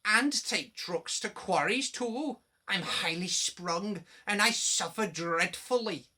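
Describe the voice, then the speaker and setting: A man's voice: high voice, lively intonation, slow, pushed and bright, pitched above the performer's own voice, heavily acted. A man voicing a sheepish, complaining little steam engine in a children's storybook reading. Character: sheepish whiny narrow-gauge engine.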